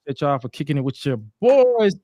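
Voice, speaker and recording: Live on his wrestling and sports podcast, a man chats in a relaxed, slangy way, giving shout-outs to his listeners. His voice is on the high side, sing-song and mellow, with a quick pace, and the clean studio recording has no echo.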